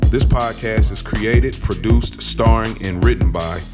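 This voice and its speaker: A man reading the show's closing credits in a loud, half-sung delivery. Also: fairly low pitch, unhurried, over loud music. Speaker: show creator reading credits. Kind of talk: outro credits over music. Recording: voice under loud hip hop beat.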